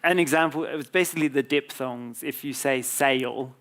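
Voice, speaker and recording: A man's voice: mid-range voice, normal speed, fairly bright tone. An Australian man, a composer and guest, explaining his work thoughtfully in a live public conversation, with frequent ums.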